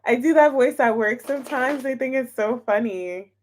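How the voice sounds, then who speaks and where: A woman's voice: fairly high pitch, moderate pace. A woman hosting a tarot livestream, chatting casually and giggling as she greets viewers by name.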